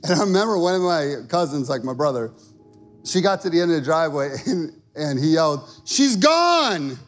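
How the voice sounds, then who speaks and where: Guy in his 30s giving a sermon, kinda high voice, chatty fillers then gets fired up, faint music under it. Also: brisk. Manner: storytelling with many fillers, building to emphatic calls. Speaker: pastor.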